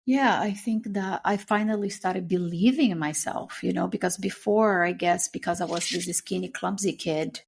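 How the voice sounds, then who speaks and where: A woman's voice: fairly low pitch, normal speed, vocal fry, few pauses, husky. A woman co-hosting a podcast, telling her own story earnestly with many fillers. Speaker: podcast co-host. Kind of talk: casual personal chat.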